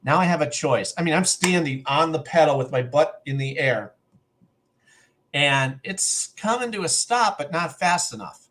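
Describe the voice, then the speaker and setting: Middle-aged guy on a podcast, slightly high voice that swings all over, jumps into other people's voices. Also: moderate pace, slight background noise. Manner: animated, acts out other people's lines in the story. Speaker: podcast co-host. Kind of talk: casual storytelling.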